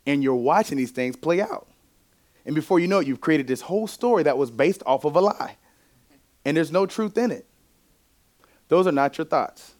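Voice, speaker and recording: A man's voice: fairly high pitch, animated, moderate pace, long pauses, darkish tone. Man preaching a conversational sermon. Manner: conversational preaching, asks the congregation questions. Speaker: pastor. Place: church.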